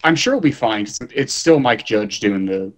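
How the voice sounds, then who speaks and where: A man with a fairly low voice makes laid-back, dry remarks in a casual chat. He speaks evenly and without hurry, like a friend keeping a gamer company. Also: lively intonation, moderate pace. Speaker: co-player friend.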